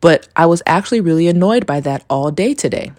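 A woman's voice: on the low side, lively intonation, brisk, a little mellow, dry recording, studio quality. Rambling, casual woman podcaster. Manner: rambling, heavy use of "like", swears casually. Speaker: podcast host. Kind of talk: casual solo podcast storytelling.

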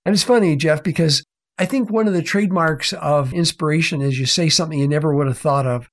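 Animated storytelling man, fairly high voice. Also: quick pace. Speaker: author and guest. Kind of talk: storytelling in a religious interview.

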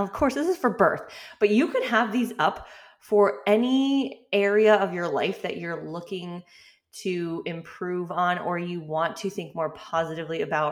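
Chatty woman podcast host, lowish voice. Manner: chatty, relaxed, lots of "like" and laughs. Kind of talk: casual solo podcast talk.

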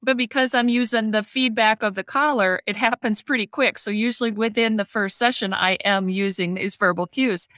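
A woman's voice: fairly high pitch, normal speed, hardly any pauses, a bit bright, no room sound, studio quality. A middle-aged woman dog trainer in a casual podcast chat, explaining with homely analogies. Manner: explains with homely analogies, acts out family voices.

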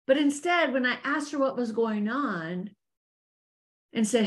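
A middle-aged woman speaking on faith-based leadership, earnest and animated. Her voice sits a little high and swoops a lot as she presses her points. She talks straight to her audience of women. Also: measured pace, pauses often. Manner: earnest, animated, addresses listeners as ladies. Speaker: business coach teaching women.

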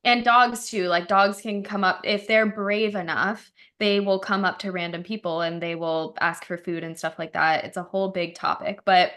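A woman hosting a podcast, telling stories in an animated, casual way full of "like". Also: medium pitch, normal speed, hardly any pauses. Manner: animated storytelling, lots of "like". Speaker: podcast host. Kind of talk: casual chat.

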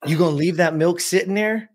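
Speaking briskly in a high voice, a West Coast man in his fifties, a guest and productivity coach, recounts a personal experience. He stresses his points and talks directly to the people listening.

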